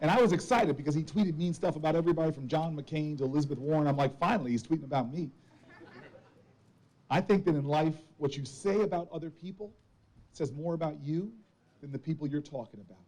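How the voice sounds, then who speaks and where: A man in his forties gives a campaign speech outdoors, his voice a touch higher than most men's. He tells folksy stories and builds his points with preacher-like repetition. The tone is mellow and warm rather than bright. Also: fast, rough recording. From New Jersey. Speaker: politician.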